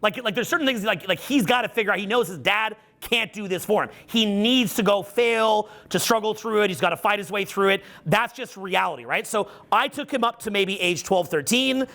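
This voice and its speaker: Middle-aged male coach addressing a live audience, high bright voice, swears a lot and acts out the quotes. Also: fairly quick, hardly any pauses. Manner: animated, profane storytelling with acted-out quotes. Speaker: social skills coach. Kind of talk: live seminar talk.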